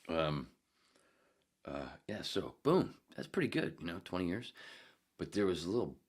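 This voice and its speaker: His voice sits low and sing-song, breathy at the edges, at a normal speed, as this middle-aged man hosts a podcast alone. He meanders through stories that poke fun at himself, reads out a live chat, and drops to whispers or laughs.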